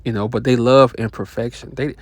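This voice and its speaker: A man talks in a loose, unscripted monologue, blunt and profane, dropping slang and brief laughs between his points. His voice sits at an ordinary middle pitch. The sound is dry and close, with no room echo. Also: steady tone, fairly quick. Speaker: self-help vlogger. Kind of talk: casual motivational monologue.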